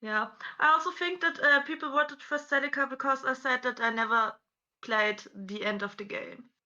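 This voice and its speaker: Woman cosplay guest, non-native English accent, high and very bright voice, chatty storyteller. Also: normal speed. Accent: non-native English speaker. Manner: chatty, storytelling, many "like" fillers. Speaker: guest cosplayer on a convention panel. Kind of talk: casual chat. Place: convention panel stage.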